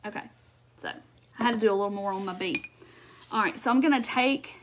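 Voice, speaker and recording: A woman's voice: mid-range voice, a little fast, pauses often, slight background noise. A woman hosting a live craft demonstration, chatting casually, answering viewer comments and laughing often as she works. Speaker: craft livestream host.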